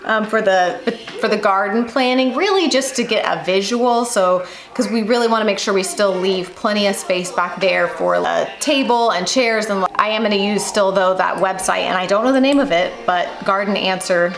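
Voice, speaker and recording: A woman's voice: mid-range voice, moderate pace, few pauses. A woman hosting a home vlog, talking casually to camera in a chatty, rambling way with lots of fillers. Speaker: vlog host. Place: at home, in and out of doors. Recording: steady hiss under the voice.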